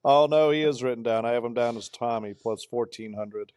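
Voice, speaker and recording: Male podcast co-host, smooth clear voice, chatty, quick recap lists, dry close-mic sound. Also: medium pitch, darkish tone, dry recording. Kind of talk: casual chat.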